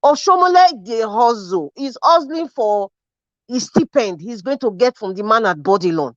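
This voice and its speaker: Woman imitating a male politician, Benin accent, slow and mocking, fairly high voice, dry muffled sound. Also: animated, no room sound, natural voice. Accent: Benin, Nigeria.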